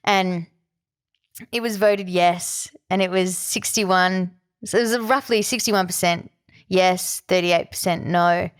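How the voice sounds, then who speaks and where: Young aussie woman getting emotional telling her story, lowish voice, super clear, lots of ums. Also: fairly even intonation, slow pace. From Australia. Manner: emotional, open, many fillers. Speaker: guest musician. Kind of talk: personal storytelling.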